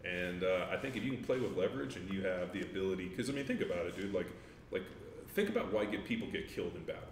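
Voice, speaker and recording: A man with a very low, deep voice talks in a loose, rambling way, full of fillers and casual swearing. He sounds a little distant from the microphone, in a roomy space with faint ambient noise behind him. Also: very animated, quick pace. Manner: laid-back, rambling, with many fillers and profanity. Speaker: guest, former NFL offensive lineman. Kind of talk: casual interview chat.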